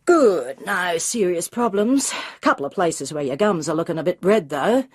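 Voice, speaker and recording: A woman voicing a fit man of about forty, an Australian dentist with an offhand, brisk manner. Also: on the low side, animated, breathy edge.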